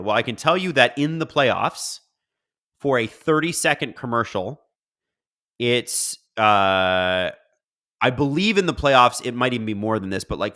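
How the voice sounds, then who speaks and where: A man's voice: medium pitch, pushed and bright. A man hosting a casual live stream, reading viewer comments aloud and riffing on them in a chatty way. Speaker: livestream host.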